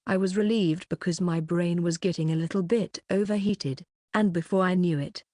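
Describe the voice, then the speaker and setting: A woman reading a web novel aloud as an audiobook narrator, keeping one even voice throughout. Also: lowish voice, normal speed, dry recording, studio quality.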